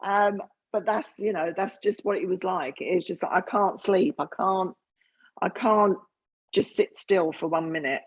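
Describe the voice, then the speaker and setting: Low husky-voiced woman medium. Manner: halting, earnest, full of fillers and restarts. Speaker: spiritualist medium. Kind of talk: giving a mediumship reading.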